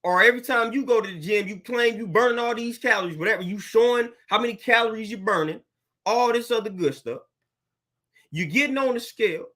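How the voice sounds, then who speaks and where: A man's voice: high voice, fairly quick, pushed and bright. A young adult man, a fitness trainer, ranting bluntly and preachily to camera, repeating himself and using slang. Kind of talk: blunt motivational rant to camera.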